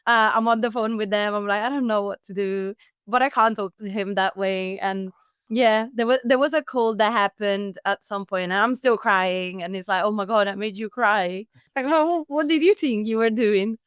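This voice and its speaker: A woman's voice: medium pitch, normal speed, clean tone, no room sound, studio quality. A young woman from Italy, a guest telling her love story in a chatty, self-interrupting way and laughing as she goes. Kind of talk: casual storytelling conversation.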